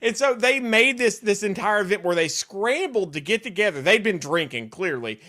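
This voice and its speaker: A talk show host with a high, bright voice. He trades jokes with his guest and tells stories in a playful, teasing way. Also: lively intonation, normal speed. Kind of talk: casual radio talk show chat.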